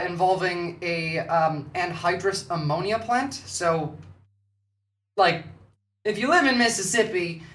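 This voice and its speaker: A man's voice: high-pitched, fairly bright tone. Australian man talking casually in an echoey room. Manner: casual, profane, filler-heavy. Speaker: streamer reacting to clips. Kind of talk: casual live commentary. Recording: distant mic in an echoey room.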